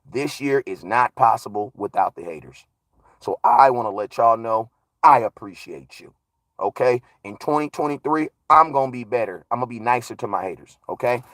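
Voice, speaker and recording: Hyped man hosting a live stream. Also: no echo. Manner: hyped, swings from low mutters to loud shouts; slangy, repeats catchphrases. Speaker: livestream host. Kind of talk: casual live-stream chat with viewer shout-outs.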